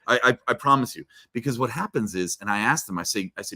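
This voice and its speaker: A man chatting as an interview guest, telling a story with lots of repeated words and sudden swings between loud and soft. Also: mid-range voice, quick pace, few pauses. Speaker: guest speaker. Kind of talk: casual interview chat.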